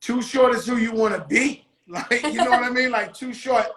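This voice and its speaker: A man's voice: extremely high pitch, moderate pace, roomy sound, a crowd in the background, rough recording. A man hosting a casual interview, brash and swearing freely, talking hype. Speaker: host.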